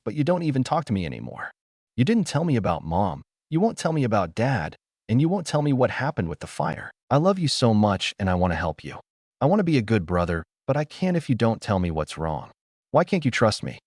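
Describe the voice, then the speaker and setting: A man's voice: mid-range voice, darkish tone, no room sound, clean studio sound. A man voicing a teenage boy who cries and pleads with his twin brother in an emotional way.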